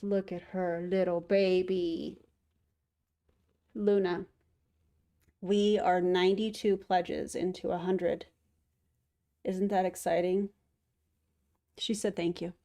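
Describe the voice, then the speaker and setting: Chatty woman streamer, middle pitch. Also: little pitch movement, unhurried, long pauses, dark tone. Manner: chatty, often coos to her cat. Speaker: streamer host. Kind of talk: casual livestream chat.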